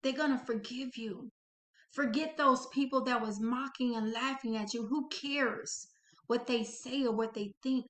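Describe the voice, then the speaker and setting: A woman voicing a gentle, reassuring inner voice of comfort. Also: on the high side, measured pace. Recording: echoey room.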